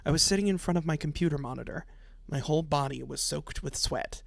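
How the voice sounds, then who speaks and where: A man plays through a visual novel on stream, reading the lines in his own voice and cutting in with snarky, cursing jabs. His voice sits a bit high for a man. The sound is close and dry with no room to it. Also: brisk, creaky, no echo. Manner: sarcastic, profane running commentary; frequent laughing asides. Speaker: let's play streamer.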